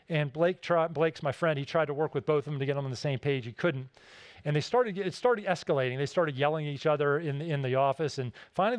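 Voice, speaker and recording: A man giving a keynote talk, telling stories in an animated, emphatic way and repeating his key points. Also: fairly high pitch, dry recording. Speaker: keynote speaker.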